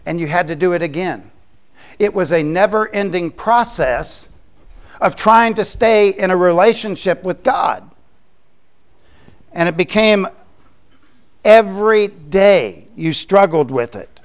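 A man preaching as a pastor, explaining scripture in a conversational way with quick asides. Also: high voice, animated. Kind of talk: sermon.

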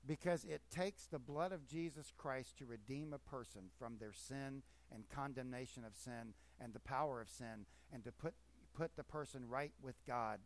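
A pastor preaching a sermon with emphatic force that rises and falls. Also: male voice, medium pitch.

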